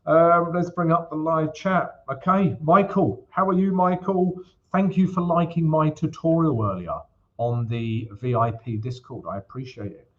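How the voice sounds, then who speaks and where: A man's voice: a little high, steady tone, measured pace, lo-fi sound. A man hosting a casual live stream about forex trading, chatting loosely with viewers, often calling them guys and using lots of fillers while he walks through a chart.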